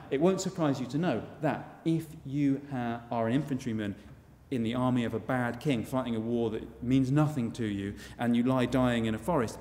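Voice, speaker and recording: A man telling a story live in a wry, chatty, animated way. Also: mid-range voice. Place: church. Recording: long church reverb.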